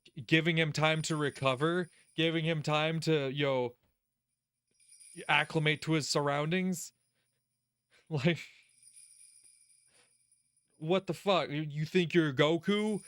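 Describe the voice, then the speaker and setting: A man hosting a let's play, giving casual gaming commentary in an animated, profane way, laughing often and talking straight to the character. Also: fairly high pitch, slow, long pauses, clear, resonant tone, no room sound.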